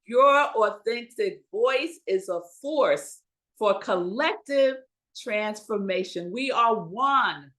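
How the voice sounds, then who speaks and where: Speaking at a medium pitch with an animated delivery and a fairly bright tone, a woman minister preaches her Sunday sermon. She moves slowly and emphatically, putting rhetorical questions to the congregation and letting pauses land for effect.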